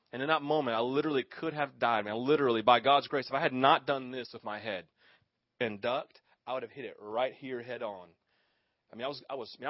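A man's voice: fairly high pitch, dry recording, lo-fi sound. A young adult man preaching a sermon, telling a story with energy and acting out voices. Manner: animated storytelling, acts out voices. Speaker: pastor.

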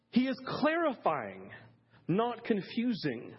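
A man preaches with a somewhat high, husky voice, talking to his congregation casually and peppering his sermon with fillers. He swings from near-whispers to loud bursts. The recording is dull and lo-fi. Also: animated, brisk. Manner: many fillers like "like" and "listen". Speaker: pastor.

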